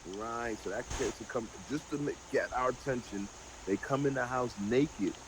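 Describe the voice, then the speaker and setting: A man hosting a casual group Bible study, talking in an animated way with everyday parallels. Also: medium pitch, normal speed, noisy background. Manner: animated, draws everyday parallels, many fillers.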